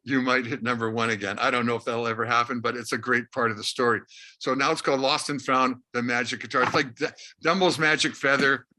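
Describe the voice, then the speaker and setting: An older man from Canada, a rock musician interviewed as a guest, telling a long anecdote in a lively way and acting out the dialogue. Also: medium pitch, fast talker. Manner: lively anecdotal storyteller, acts out quoted dialogue. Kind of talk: animated storytelling.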